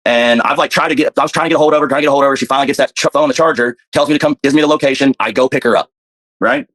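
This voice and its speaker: Fast-talking man telling a story. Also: medium pitch, a bit bright. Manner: fast, profane, repeats himself. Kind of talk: casual storytelling.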